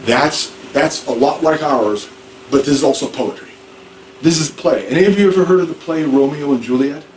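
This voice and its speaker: A man's voice: on the high side, moderate pace, darkish tone. Man teaching class in an echoey room. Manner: rambling, conversational, asks the class questions. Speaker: ESL teacher. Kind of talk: classroom lecture. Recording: echoey room, distant mic, noisy.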